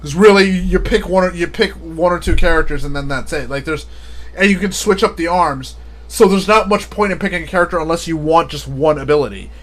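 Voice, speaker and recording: High-voiced rambling male streamer. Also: brisk, a bit bright. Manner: rambling, laughs often at his own jokes. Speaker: live streamer. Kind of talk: casual live-stream chat.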